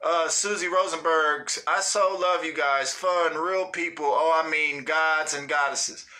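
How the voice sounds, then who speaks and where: A man's voice: a little high, steady tone, a little slow, pushed and bright. A man hosting a livestream, reading out viewer comments in a laid-back, slangy, profane way and cracking up often. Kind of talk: casual livestream chat.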